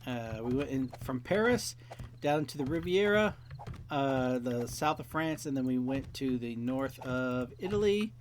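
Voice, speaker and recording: A man's voice: mid-range voice, animated, unhurried, a little hiss or hum. Young male let's-player, loose rambling chat, heavy swearing, faint key clicks behind. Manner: rambling, swears often, acts out quoted dialogue. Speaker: let's play host. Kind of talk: casual rambling commentary while playing.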